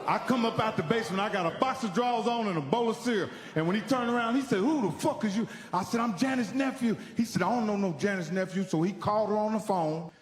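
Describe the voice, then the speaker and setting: High-voiced profane man telling stand-up stories. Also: quick pace, few pauses, long reverb tail, a little hiss or hum. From Indiana, United States. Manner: profane, animated, acts out characters' voices. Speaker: stand-up comedian. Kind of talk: stand-up storytelling.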